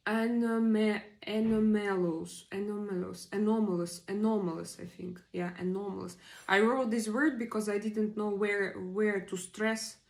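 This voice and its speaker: A woman in her forties chats on a live stream in non-native English, going over vocabulary. She speaks slowly and haltingly at a middle pitch, repeating words and filling pauses as she thinks. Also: gravelly, low-quality recording. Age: 40s. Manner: slow and hesitant, repeating words aloud, many fillers. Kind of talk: casual live-stream chat, practicing vocabulary.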